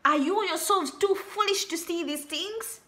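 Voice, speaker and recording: High bright-voiced young woman preacher. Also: measured pace. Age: young adult. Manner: repetitive, emphatic warnings. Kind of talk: sermon.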